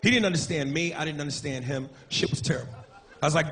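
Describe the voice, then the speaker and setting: Brash, profane comedian with a high voice. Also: male voice, fast talker. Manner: brash, profane, animated storytelling. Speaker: stand-up comedian. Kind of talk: stand-up comedy. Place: comedy club stage. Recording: live club with loud crowd and noise.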